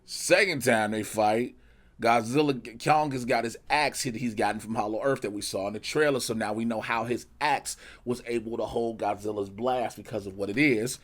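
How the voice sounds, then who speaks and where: A man's voice: mid-range voice, moderate pace. Slangy, profane man reviewing a movie. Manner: animated, profane, slangy storytelling. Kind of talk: casual spoken review.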